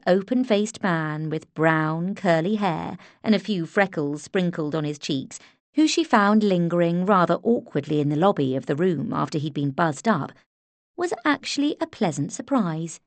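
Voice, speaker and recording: Lady reading a novel aloud, lowish voice, expressive but measured, dry booth sound. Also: dry recording. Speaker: audiobook narrator. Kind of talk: scripted narration.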